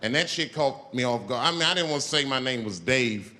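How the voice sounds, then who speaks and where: A man doing stand-up comedy on stage, an animated, profane storyteller whose pitch jumps up for emphasis. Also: brisk. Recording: live show, loud crowd and noise.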